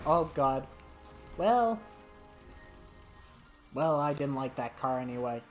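A man's voice: on the high side, moderate pace, long pauses, soft background music. A man giving let's play commentary who talks to the dinosaurs on screen and yelps and shrieks when startled. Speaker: gaming commentator.

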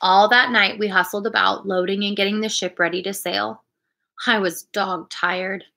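Casual: lady reading a kids' story out loud, clear and bright. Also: medium pitch, fairly even intonation, moderate pace. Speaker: reader. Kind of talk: reading a children's storybook aloud.

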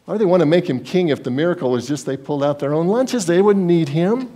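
An animated male pastor with a slightly high voice talks fast through an emphatic sermon. He fires rhetorical questions at the congregation while swinging between loud and hushed delivery.

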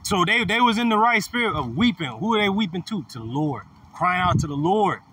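A man's voice: sits high, animated, brisk, bright, forceful tone. A man leading an informal bible study, teaching with slangy asides and laughter. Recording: distant mic with light noise.

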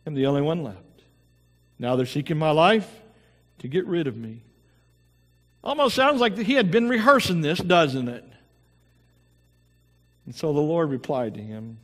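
A man preaching a sermon as pastor, reading scripture aloud with his own asides and praying in a soft voice. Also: on the high side, animated, moderate pace, long pauses. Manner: reads scripture aloud with asides, then prays softly. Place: church sanctuary. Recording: church hall reverb.

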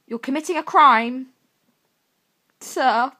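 A woman's voice: high voice, slow pace, bright, forceful tone. A young woman hosting a reaction video, gushing, gasping and teasing as she reacts to photos one by one.

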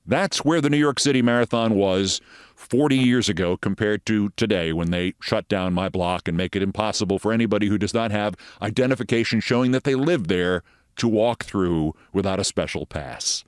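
A man's voice: lowish voice, normal speed, clean tone, no room sound, studio quality. A man in his sixties hosting a commentary show, telling anecdotes in a wry, conversational way. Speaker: show host.

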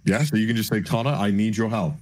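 A man's voice: on the low side, fast talker, background noise. A man streamer in casual banter, smugly teasing and mock-stern with his co-host.

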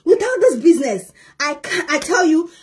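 A woman promoting her network marketing business in an excited live video, shrieking with joy, laughing often and repeating herself. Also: very high-pitched, moderate pace. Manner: shrieking, exuberant, repetitive; laughs often while talking.

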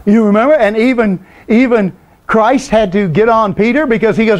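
A man's voice: high-pitched, normal speed, darkish tone, dull audio. A man leading a Bible class, asking the group questions and often answering them himself. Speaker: Bible study teacher. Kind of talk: conversational Bible teaching.

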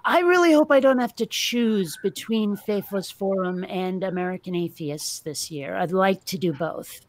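A woman hosting a live stream in casual chat, rambling and quick to laugh. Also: mid-range voice, no echo.

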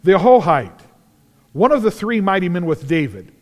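A man preaching in a big church sanctuary, his fairly high voice swinging up and down as he acts out Bible stories. He bursts into shouts at the climaxes of the action. Long reverb trails behind every phrase. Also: moderate pace. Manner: animated storytelling, acts out scenes, shouts at climaxes. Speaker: pastor. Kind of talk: sermon.

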